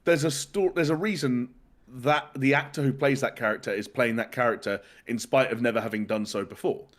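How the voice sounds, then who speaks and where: A man's voice: mid-range voice, a little fast. A man from the UK hosting a podcast in casual chat, rambling and restarting his sentences. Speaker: podcast host.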